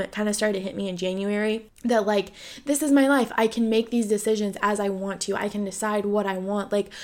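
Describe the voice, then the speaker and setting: A podcast host in her twenties, hiccuping as she goes, delivers a candid monologue about her own life. Her voice is mid-range and a little mellow, and she uses lots of "like" fillers and swears freely.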